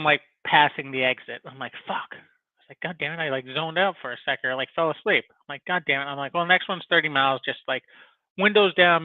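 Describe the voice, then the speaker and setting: Guy ranting and cussing his way through a story, kinda high voice, sounds tinny like a phone. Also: dry recording. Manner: profane, rambling, animated storytelling. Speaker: podcast host. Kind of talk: casual storytelling chat.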